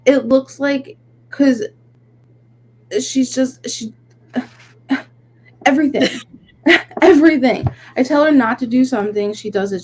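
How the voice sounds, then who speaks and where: A young woman co-hosting a podcast, telling a story in an animated, venting way with lots of "like"s. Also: on the high side, a little hiss or hum, low-quality recording. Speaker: podcast co-host. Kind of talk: casual chat.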